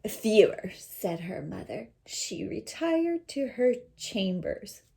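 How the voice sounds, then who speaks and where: A woman teacher reading a picture book aloud to children, slowly explaining words and asking questions. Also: on the low side, gravelly, mellow. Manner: slow, explains words and asks listeners questions. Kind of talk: children's read-aloud with commentary.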